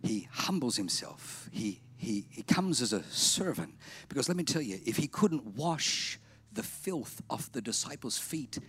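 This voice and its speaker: A man preaching a sermon, emphatic and repetitive, slowing down and softening for effect. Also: medium pitch, big pitch swings, slightly rough. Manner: emphatic, repetitive, drops to slow quiet lines for effect. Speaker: pastor.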